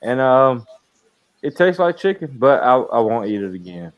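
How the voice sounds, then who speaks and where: A man's voice: medium pitch, big pitch swings, moderate pace, lo-fi sound. A man chatting in a casual livestream, easygoing and friendly.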